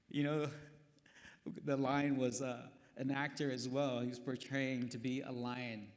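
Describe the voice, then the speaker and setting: A man's voice: mid-range voice, fairly even intonation, moderate pace. A male pastor preaching a sermon in a casual, chatty way, often checking in with "right?". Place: church worship hall. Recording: long reverb of a worship hall.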